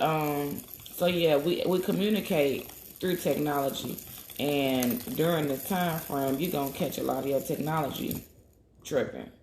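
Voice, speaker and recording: A woman's voice: rumbling low, gravelly, darkish tone. A woman hosting a casual livestream while she makes healing waist beads. She talks in a blunt, profane, chatty way and reads out comments from viewers. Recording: roomy echo.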